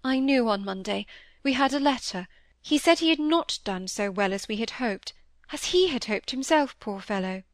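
A woman voicing a gentle middle-aged mother, plaintive and soft, tumbling on in distress. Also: a little high, expressive, moderate pace, dry recording, clean studio sound. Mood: tearful. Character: tearful gentle middle-aged mother, anxious for her son.

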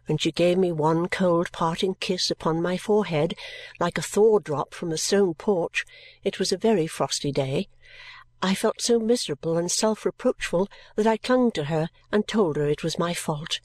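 Breathy woman reading a story gently. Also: fairly low pitch, moderate pace, dry recording. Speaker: audiobook reader. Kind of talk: first-person storybook narration.

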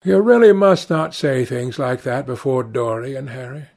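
A man's voice: mid-range voice, normal speed, a little mellow, close to an everyday voice. A man voicing an anxious, earnest painter who pleads sorrowfully. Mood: pleading.

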